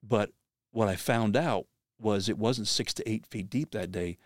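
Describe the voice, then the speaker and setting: A man's voice: on the low side, a little slow, no room sound, clean studio sound. A middle-aged man hosting a podcast, telling a personal story in an earnest, vivid way that often restarts sentences.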